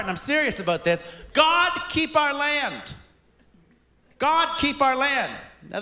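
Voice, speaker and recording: A man's voice: very high voice, pushed and bright. A man performing a wry, punchy stand-up set, chuckling through his punchlines on stage at a live taping. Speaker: stand-up comedian. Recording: echoey venue with crowd noise. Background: audience laughter and ambience.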